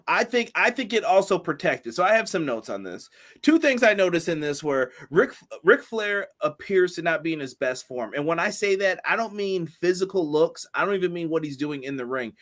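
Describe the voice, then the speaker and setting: A man's voice: fairly high pitch, fairly bright tone. A man co-hosting a casual wrestling review podcast, laughing often and reading out viewer comments. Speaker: podcast co-host.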